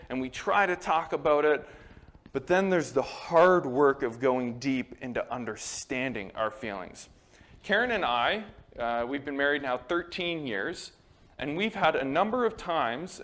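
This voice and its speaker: Man, 30s, pastor giving a sermon, self-deprecating storyteller, very lively intonation. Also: fairly high pitch. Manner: animated, self-deprecating, hams up quotes. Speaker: guest pastor.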